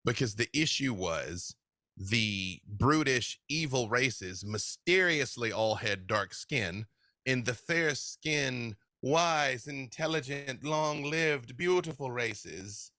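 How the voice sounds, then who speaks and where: A man, a game master being interviewed, chatting casually and telling stories in an animated way, laughing often. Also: mid-range voice, takes it slowly, dry recording, clean studio sound.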